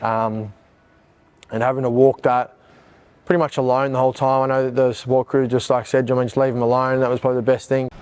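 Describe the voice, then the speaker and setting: Give me a reflective man with a smooth, even voice speaking haltingly in an interview. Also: medium pitch. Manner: halting, searching for words. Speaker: runner.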